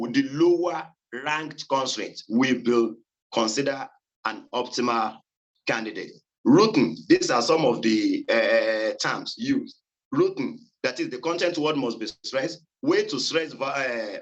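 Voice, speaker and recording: A man presenting a seminar on phonology, reading in a halting way with many fillers and repeated words. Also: mid-range voice, highs cut off. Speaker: student presenter.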